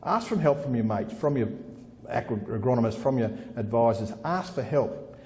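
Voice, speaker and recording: A middle-aged organizational consultant delivers a blunt, punchy motivational keynote to about 400 people in a large conference room, repeating lines for effect and constantly calling the crowd "folks." His voice is medium-pitched and dark, with lively intonation and normal speed. A long hall reverb colors the recording.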